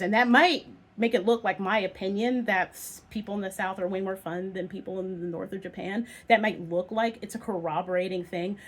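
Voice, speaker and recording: A woman's voice: mid-range voice, a little slow. A young woman talking casually to camera in a thoughtful, rambling way, with many ums and restarts. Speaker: video essayist.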